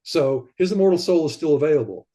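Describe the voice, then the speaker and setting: A man talking as a podcast guest in casual conversation, rambling and animated, and sometimes acting out the voices he quotes. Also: a little high, fast.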